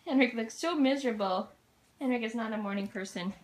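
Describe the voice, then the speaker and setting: A woman's voice: a little high, fairly quick. A woman filming a home video at home, chattering in sing-song baby talk. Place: at home indoors.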